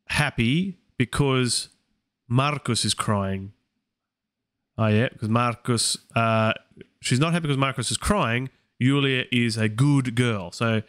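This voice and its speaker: This male Latin learner's voice sits at medium pitch with a fairly bright tone. On his live study stream, he wrestles with translations aloud and keeps quizzing himself.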